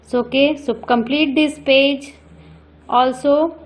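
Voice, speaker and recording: A woman teaching children cursive handwriting, giving slow step-by-step instructions and repeating each stroke. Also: high-pitched, fairly even intonation. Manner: switches between English and Hindi.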